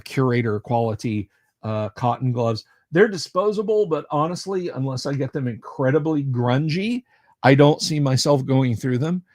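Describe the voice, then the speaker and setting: A man's voice: mid-range voice, no echo, studio quality. A man hosting a casual livestream, chatting with viewers in a rambling, jokey way. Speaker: livestream host.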